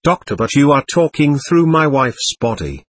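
A man reading the part of a patient doctor who questions and lectures a spirit in a séance record, with a husky voice. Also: fairly high pitch, big pitch swings, moderate pace, no echo. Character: calm, firm male doctor questioning a spirit. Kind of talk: reading a séance transcript aloud.

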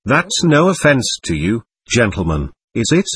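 A man's voice: medium pitch, big pitch swings, measured pace, a bit bright, breathy edge, no room sound, heavily acted. Man voicing Mitya, a voluble, defiant nobleman. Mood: effusive. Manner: voluble, defiant, laughing nervously. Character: excitable proud nobleman under police questioning.

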